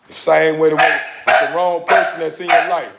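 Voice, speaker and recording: Fired-up man with a gravelly, high voice. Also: level tone, a little fast, heavy background noise. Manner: preachy, repetitive, fired-up street talk. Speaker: dog breeder vlogger. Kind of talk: casual motivational talk to camera.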